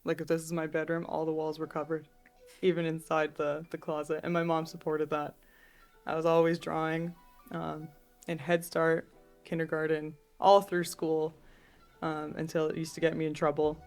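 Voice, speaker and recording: A young woman speaks as a podcast guest in a low, gravelly voice with flat, even intonation. She tells her stories casually and keeps slipping in "like". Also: normal speed, faint music behind. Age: young adult. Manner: chatty, relaxed storytelling with many "like"s. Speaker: artist and guest. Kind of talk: casual interview storytelling.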